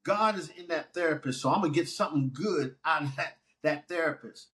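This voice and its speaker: A man with a fairly high, bright-leaning speaking voice talks as a guest on a podcast. His delivery is preacherly and emphatic, with big swings in pitch as he quotes scripture. He acts out speaking to his own feelings. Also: fairly quick. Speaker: pastor and musician, podcast guest. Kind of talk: conversational podcast interview.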